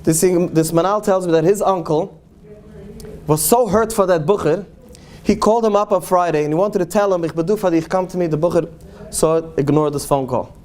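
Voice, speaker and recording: A man, a rabbi, telling stories to an audience in English, animated and acting out the people he quotes. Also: high voice, moderate pace. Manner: animated storyteller, acts out quoted voices, Yiddish-laced English. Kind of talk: storytelling talk to an audience.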